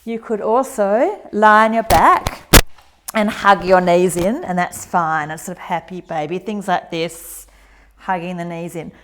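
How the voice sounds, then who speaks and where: A woman in her forties teaching a yoga routine, gentle and encouraging with chatty asides. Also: fairly low pitch, unhurried, a little hiss or hum. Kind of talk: guided exercise instruction.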